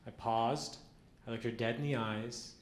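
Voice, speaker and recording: A man performing a stand-up comedy set on a club stage, telling deadpan stories with acted-out quotes. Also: medium pitch, measured pace. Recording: echoey club with audience noise. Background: audience laughter.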